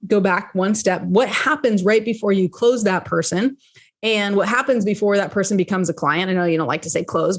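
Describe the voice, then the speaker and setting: A woman hosting her own podcast, coaching listeners in a chatty, animated way and slipping into lively voices when she quotes people. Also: medium pitch. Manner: repeats and restarts phrases while explaining. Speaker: podcast host and business coach. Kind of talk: solo podcast teaching.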